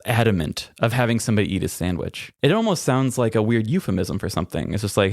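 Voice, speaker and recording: A man's voice: mid-range voice, big pitch swings, quick pace, vocal fry, hardly any pauses, a little mellow, no echo, studio quality. A man co-hosting a podcast, telling a story in casual chat and mimicking coworkers' voices. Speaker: podcast co-host.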